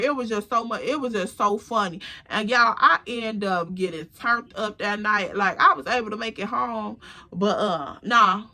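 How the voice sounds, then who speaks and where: A young woman telling a story in an animated, slangy, chatty way to her viewers. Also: mid-range voice. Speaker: storytime vlogger. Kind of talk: casual storytelling.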